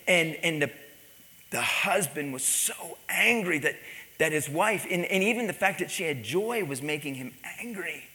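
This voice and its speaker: Bright-voiced preacher in a reverberant hall. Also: male voice, fairly high pitch, normal speed. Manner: animated, repeats words, drops to quiet intense tones. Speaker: pastor. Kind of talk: sermon storytelling. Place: church sanctuary. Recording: long reverb in a large hall.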